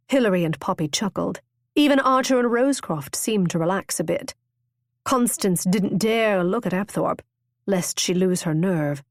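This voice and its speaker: A romance audiobook is narrated from a script by a woman with a medium-pitched voice, reading expressively and with measure. The studio-quality audio has no echo.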